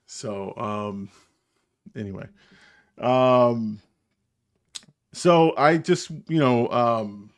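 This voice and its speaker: A man's voice: mid-range voice, drawn-out words, pauses often. A man with a New Jersey accent hosts a live stream and chats casually with his viewers. He rambles from one thing to the next and chuckles often as he talks.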